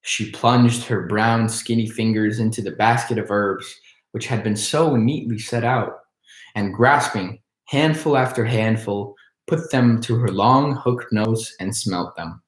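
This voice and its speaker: A man reading a children's storybook aloud, in a slow, measured style. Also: fairly low pitch. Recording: echoey room.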